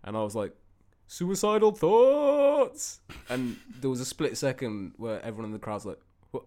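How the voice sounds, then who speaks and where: A man's voice: lowish voice, quick pace. A man, a band member chatting casually, rambling with plenty of fillers. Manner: relaxed, rambling, filler-heavy. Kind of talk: casual chat.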